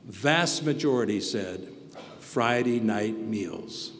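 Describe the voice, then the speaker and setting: A man giving a sermon as pastor, earnest, moving between quiet reflection and loud emphasis. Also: lowish voice, expressive, slow. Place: church hall. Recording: reverberant hall with faint background noise.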